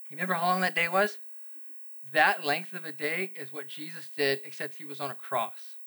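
A man preaching a sermon to a church congregation, earnest and conversational, rising to emphatic peaks and dropping quiet again. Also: medium pitch. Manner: relatable asides to the congregation. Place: church service.

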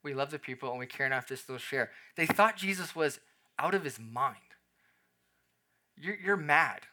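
A man preaching a sermon as pastor, animated and conversational, acting out little scenes in quoted voices. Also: medium pitch, fairly quick.

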